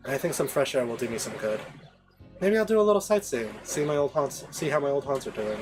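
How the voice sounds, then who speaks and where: A regal dragon queen, weary and dryly amused, speaking with an accent of no clear origin, as a man puts her on. Her pitch rises and falls freely, and faint game music plays underneath. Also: lively intonation, brisk, lightly acted. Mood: thoughtful. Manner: with a put-on accent.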